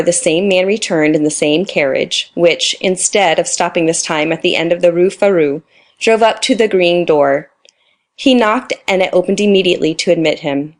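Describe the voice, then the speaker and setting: Woman narrator, audiobook reading, lowish voice, steady delivery. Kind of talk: scripted narration.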